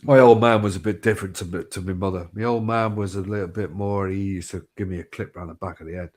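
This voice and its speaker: A man's voice: low-pitched, fairly even intonation, quick pace, a little mellow. A middle-aged man, telling rambling stories in casual chat, swearing freely and restarting his sentences.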